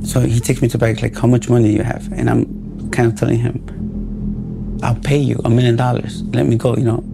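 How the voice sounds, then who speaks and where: A man's voice: mid-range voice, level tone, brisk, gravelly, over music. A man telling his own story in a podcast interview, acting out the dialogue in a blunt and profane way.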